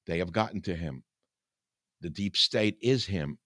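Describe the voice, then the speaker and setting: Preaching older man, low dry voice. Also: expressive, moderate pace, pushed and bright, no echo. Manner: preaching, rising to angry outbursts. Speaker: radio talk host. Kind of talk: impassioned monologue with scripture reading.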